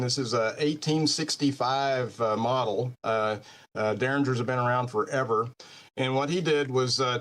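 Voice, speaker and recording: A man answering as an interview guest, talking in a hesitant, halting way with many fillers. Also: mid-range voice, fairly bright tone. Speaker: guest, gun company owner.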